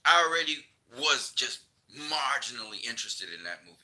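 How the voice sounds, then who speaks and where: Heated, bright-voiced male vlogger ranting. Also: medium pitch, lively intonation, brisk, poor audio. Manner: heated, repetitive, emphatic. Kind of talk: ranting video commentary.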